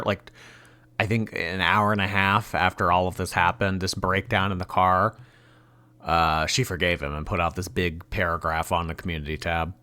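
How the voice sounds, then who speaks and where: Sarcastic man with a bright voice. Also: low-pitched, flat delivery, moderate pace. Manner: sarcastic, mocking. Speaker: commentary channel host. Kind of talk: commentary on video clips.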